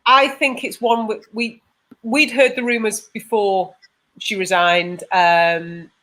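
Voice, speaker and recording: A woman's voice: medium pitch, steady tone, slow, bright, forceful tone. Casting: woman host, live fan stream, reads comments, unpolished and hesitant. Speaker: podcast host. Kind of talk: live podcast chat reading viewer comments.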